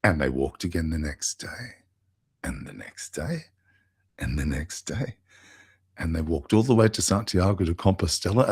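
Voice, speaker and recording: A man's voice: sits low, no room sound. A man, a podcast guest telling a heartfelt story, with restarts and fillers, into a close mic. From Australia.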